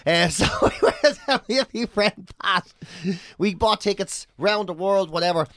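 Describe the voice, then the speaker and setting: An Irish man spinning a rowdy, swear-laden yarn in casual conversation. His voice sits high for a man and leaps all over the place as he builds up the story. It sounds close and dry, with no room around it. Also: a little slow, no room sound. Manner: animated, profane, swaggering anecdote-telling. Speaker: podcast co-host telling a travel story.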